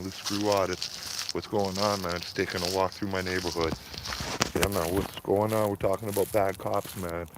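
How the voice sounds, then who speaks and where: A man's voice: deep voice, noisy background. Rambling man streaming from the street. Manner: rambling, repeats greetings, says "man" often. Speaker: livestreaming street auditor. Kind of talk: casual livestream chat. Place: outdoors on neighborhood streets.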